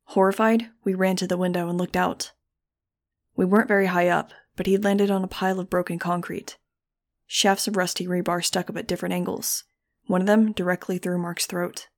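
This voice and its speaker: Woman reader for first-person fiction; low-pitched, level, measured and grave. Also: level tone. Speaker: audiobook reader. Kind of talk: first-person audiobook narration.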